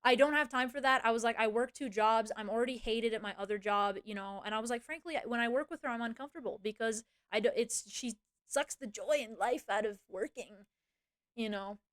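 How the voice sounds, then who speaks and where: A woman's voice: fairly high pitch, a little fast. A woman streamer venting in casual chat, ranting and swearing, with many fillers and restarts.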